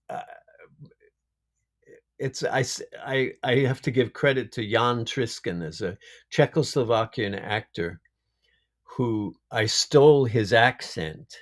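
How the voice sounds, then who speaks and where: A man, an actor being interviewed, speaking in an unhurried, reflective way and laughing often over a video call. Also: lowish voice. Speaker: actor guest. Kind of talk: casual interview chat.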